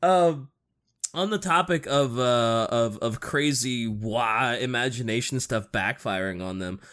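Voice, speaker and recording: A co-host in casual chat, excitable, laughing and swearing often. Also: medium pitch, a little slow.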